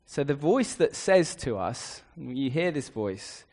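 A man's voice: medium pitch, very animated, takes it slowly, a little mellow. Male preacher, earnest sermon delivery, stacks emphatic lists, mid-range voice.

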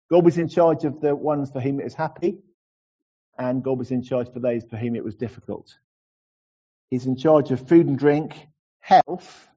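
A middle-aged man preaching a sermon earnestly, slowing down to linger over key phrases. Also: medium pitch, warm tone, slightly rough, highs cut off. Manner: earnest, slows to savor phrases.

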